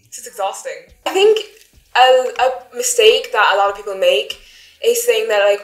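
A woman's voice: on the high side, expressive, normal speed. A young woman with an Irish accent, talking candidly and animatedly in a casual group discussion. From Ireland. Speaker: panel guest. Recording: roomy echo.

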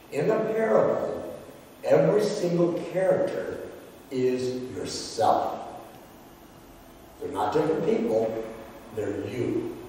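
A male pastor preaching a sermon, telling a story with emphasis and dramatic pauses. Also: mid-range voice, warm tone, a little hiss or hum. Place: large church sanctuary. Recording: echoey hall from far off.

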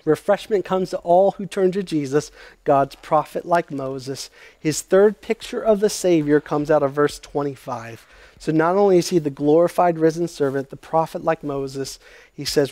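A male pastor preaching a sermon with emphatic rises and slowed, weighty phrases. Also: a little high, dark tone, no echo.

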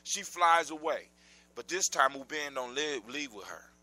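A man's voice: on the high side, unhurried, dry recording. A man telling a folk story live, talking straight to his listeners. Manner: animated, addresses listeners directly.

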